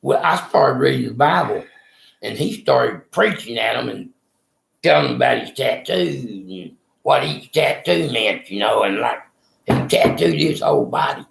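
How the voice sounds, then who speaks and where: A middle-aged man from Texas, rough-spoken and folksy, telling a rambling personal story with plenty of swearing. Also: medium pitch, expressive, moderate pace, reverberant. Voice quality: gravelly.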